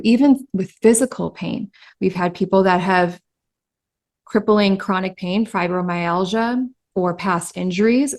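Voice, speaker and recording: A woman with a gravelly, fry-laden voice tells stories about her clients. Her speech is animated and casual, full of "like" and "I mean" fillers. She speaks at a middle pitch for a woman. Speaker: breathwork practitioner, guest. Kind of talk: casual interview storytelling.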